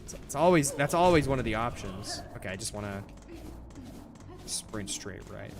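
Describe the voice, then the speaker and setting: A man's voice: lowish voice, lively intonation, normal speed, gravelly, over loud music. A young man streaming a game, rambling casually with lots of swearing, restarts and "bro". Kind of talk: casual gameplay commentary.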